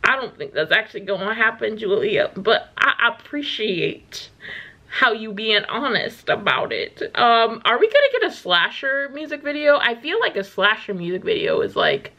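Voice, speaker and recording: Woman reaction host, higher, bright voice, animated and exclaiming, casual chat. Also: moderate pace, muffled recording. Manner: animated, exclaiming and laughing often.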